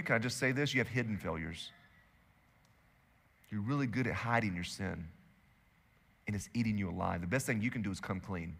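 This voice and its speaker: Emphatic bright-voiced male pastor preaching. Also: mid-range voice, vocal fry, long reverb tail. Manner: emphatic preaching that swings between loud and hushed. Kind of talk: sermon. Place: church hall.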